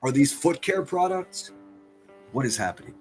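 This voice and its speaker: A man's voice: mid-range voice, expressive, normal speed, faint music behind. Crude, mocking male stream host. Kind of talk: livestream reaction commentary.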